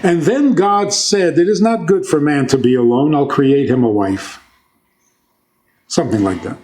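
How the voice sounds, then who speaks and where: Male rabbi, fairly high voice, informal lecture style, quizzes the room and jokes. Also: moderate pace, darkish tone. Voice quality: conversational, asks the audience questions and jokes. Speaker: rabbi giving a talk.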